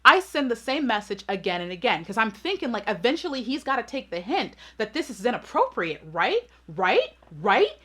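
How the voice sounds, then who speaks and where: A woman's voice: a little high, big pitch swings, moderate pace, sharp tone, slightly rough. A woman hosting her channel, telling a storytime vlog in a sassy, emphatic way and often checking in with her audience. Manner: sassy, emphatic, keeps asking "right?". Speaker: channel host.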